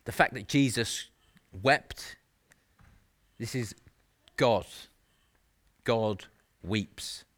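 A man's voice: mid-range voice, drawn-out words, long pauses, fairly bright tone. A man preaching a sermon in an earnest, conversational way, with self-mocking asides.

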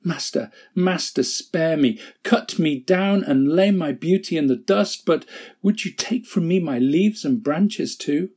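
A man voicing a gentle, devoted male bamboo plant that begs its master in distress. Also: lively intonation, a little slow, slightly rough, full character voice. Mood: begging. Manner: pleading, rising high in distress.

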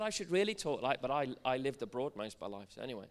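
A man's voice: medium pitch, big pitch swings, quick pace, hardly any pauses. A man from Wales preaching a church sermon, joking with the congregation and building to fervent proclamation. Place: church service in front of a congregation.

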